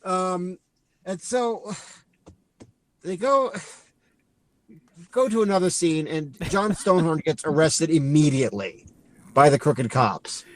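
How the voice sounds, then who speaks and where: On a podcast, a co-host with an expressive, somewhat high voice recaps a movie casually. He rambles, acts out lines as he goes, and adds quick asides.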